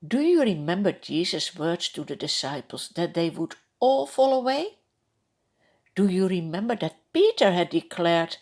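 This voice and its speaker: A woman narrating a Bible story for children, reading slowly and expressively and asking her young listeners direct questions. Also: lowish voice, very animated, darkish tone.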